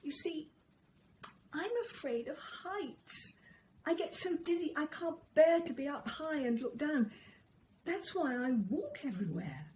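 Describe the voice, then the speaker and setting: A woman's voice: high-pitched, lively intonation, a little slow, a little mellow, slight background noise, voice pushed up, poor audio. Woman doing a shy stammering crow, Mister Crow. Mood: apologetic. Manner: stammering, hesitant, trembling. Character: timid anxious male crow, gentle and shy. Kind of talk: storybook reading.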